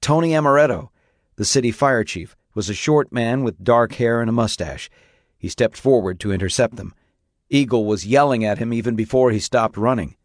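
A man reading an audiobook aloud in a steady, measured narrating style. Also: medium pitch, no room sound, clean studio sound. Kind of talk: scripted narration.

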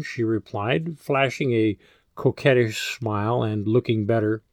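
A man reading a first-person story aloud in a measured, plain storytelling manner. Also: on the low side, dry recording. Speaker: narrator. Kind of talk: first-person audiobook narration.

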